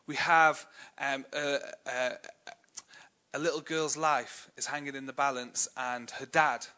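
A man's voice: mid-range voice, fairly even intonation, a little slow, bright, forceful tone, clean tone. A young English man preaching a sermon in a chatty, self-deprecating way, telling personal stories with many fillers. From England.

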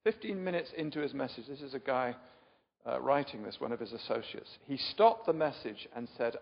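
Brisk and creaky, with a mid-range voice, an older English preacher gives a talkative, casual sermon. He keeps turning questions to his listeners and laughing at himself, and the audio is muffled with hall reverberation.

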